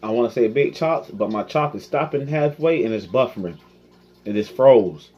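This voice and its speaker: Frustrated fan ranting, husky voice. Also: male voice, mid-range voice, fairly quick, highs cut off. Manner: frustrated, repetitive, animated. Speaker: sports fan vlogger.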